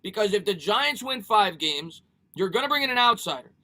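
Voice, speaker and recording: Male sports streamer, high and bright, excitable and repetitive, casual live chat. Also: fairly quick. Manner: animated, repeats himself, reads viewer comments.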